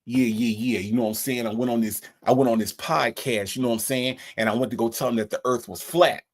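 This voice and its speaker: A streamer voicing a dim, slangy man who rambles to his lawyer, filling every pause with "you know what I'm saying". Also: mid-range voice, fairly even intonation, voice pushed down, close to an everyday voice. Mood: boastful rambling.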